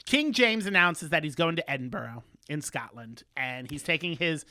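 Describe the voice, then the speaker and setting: A man's voice: on the high side, lively intonation, slow, bright, forceful tone, dry recording, studio quality. A man co-hosting a casual chat podcast, recapping a show in a chatty, playful way. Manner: chatty, recaps plots with playful quoted voices. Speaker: podcast co-host.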